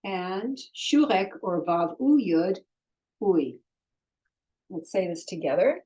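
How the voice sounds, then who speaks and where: Slow, patient woman teaching Hebrew. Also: lowish voice, animated, mellow. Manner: slow, patient, sounds out syllables for learners to repeat. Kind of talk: online language lesson.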